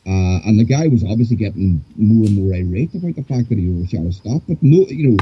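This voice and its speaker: Talking fast in a lowish, husky voice, this man from Ireland is expressive on a casual call. He wanders and hesitates, full of filler words, over dull lo-fi audio.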